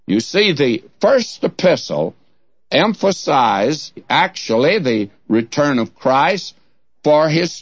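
A man preaching a Bible-teaching sermon in a folksy, humorous storytelling manner. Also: medium pitch. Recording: dull, dry lo-fi recording.

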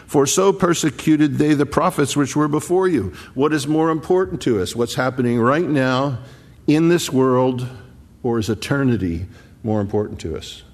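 A man preaching a sermon, explaining scripture conversationally and stressing key words with slow, emphatic pauses. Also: mid-range voice, a little mellow. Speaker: pastor.

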